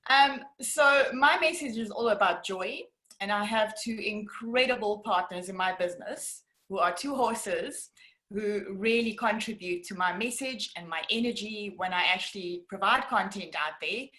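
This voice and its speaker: A woman's voice: medium pitch, moderate pace, bright, forceful tone. A woman with a South African accent asking a question on a call, cheerful in casual chat.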